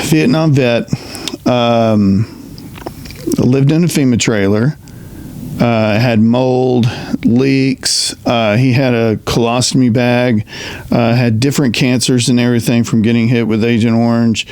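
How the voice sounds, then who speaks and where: A middle-aged man, a retired veterans' representative, speaking earnestly in a halting personal monologue full of restarts. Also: mid-range voice, darkish tone, slight background noise. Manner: earnest, halting storyteller with many restarts and fillers.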